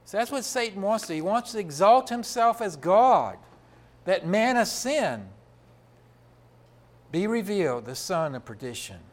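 A man's voice: sits high, very animated, a little slow. A man preaching a sermon, asking the congregation rhetorical questions and answering them himself.

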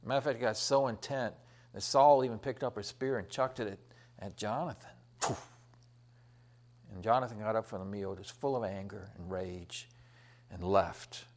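A man's voice: lowish voice, moderate pace, a little hiss or hum. A middle-aged man preaching a sermon, retelling a Bible story in a folksy, rambling way with many fillers and restarts.

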